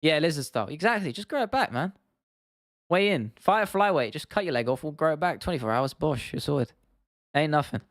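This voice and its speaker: Speaking a bit fast in a fairly high voice, a man hosts an informal livestream, relaxed and talkative, responding to viewer questions with laughter. Studio quality, no room sound.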